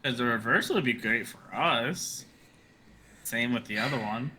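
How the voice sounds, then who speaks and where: A man's voice: mid-range voice, unhurried, sharp tone, slight background noise. A man playing a tabletop game, making dry, offhand suggestions. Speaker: player. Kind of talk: casual tabletop play.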